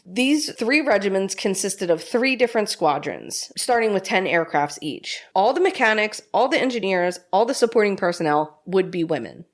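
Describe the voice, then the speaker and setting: A woman narrates a wartime story on a casual podcast. She swears freely and breaks into laughter. Her storytelling is animated and full of asides. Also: mid-range voice, moderate pace, hardly any pauses. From United States. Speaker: podcast co-host telling the story. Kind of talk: casual true-crime podcast chat.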